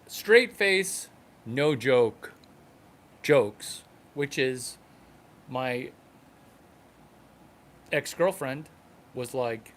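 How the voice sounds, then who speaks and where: A man doing a stand-up comedy monologue, delivered in halting phrases and short numbered points. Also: medium pitch, expressive, fairly bright tone, slight background noise.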